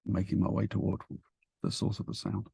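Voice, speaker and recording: A man playing a tabletop horror game, speaking in a hesitant, low-key way. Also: level tone, brisk, gravelly, warm tone, slightly rough, no room sound. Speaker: player. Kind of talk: in-character tabletop play.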